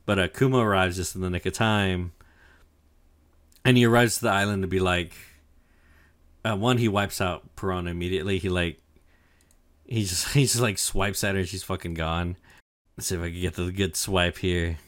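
A man's voice: low voice, steady tone, normal speed, long pauses, a bit bright. A young man co-hosting a podcast, casually retelling an anime arc with lots of fillers, swearing and quoted lines. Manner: rambling, profane, filler-heavy retelling with quoted voices. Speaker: podcast co-host recapping anime. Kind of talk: casual chat.

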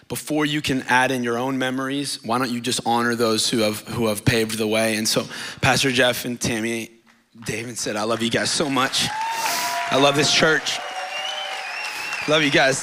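A man's voice: mid-range voice, sharp tone, a little hiss or hum. A man in his thirties preaching a sermon in a church, emotional and rambling, getting tearful at times. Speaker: guest preacher. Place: church stage.

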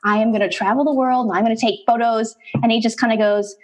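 A middle-aged woman, an interview guest, telling her life story in conversation, animated and acting out bits of past dialogue. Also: fairly high pitch, fast talker, hardly any pauses.

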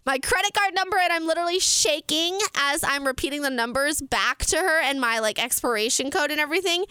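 Young woman host recapping a story, chatty and animated; bright, high, forceful voice. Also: fairly quick, hardly any pauses, clean tone, no room sound. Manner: animated, laughs often, says "like" and "frickin'". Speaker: podcast host. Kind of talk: excited casual storytelling.

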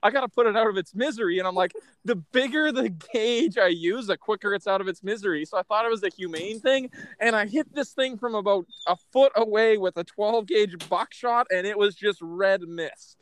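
A man's voice: high voice, fairly quick, hardly any pauses, fairly bright tone. A man hosting a casual podcast from his truck, joking and laughing often. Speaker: podcast host. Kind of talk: casual chat.

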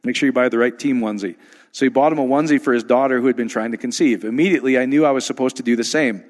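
A man's voice: medium pitch, rapid-fire, big-room sound. A man hosting an online teaching, talking in a folksy, rambling way with frequent restarts. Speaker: preacher and podcast host. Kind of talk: casual spoken teaching.

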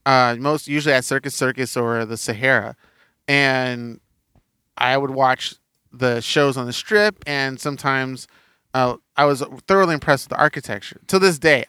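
A man in his thirties hosting a casual podcast chat, laughing often and chiming in with quick agreement. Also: medium pitch, bright, forceful tone, clean tone, no room sound. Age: 30s.

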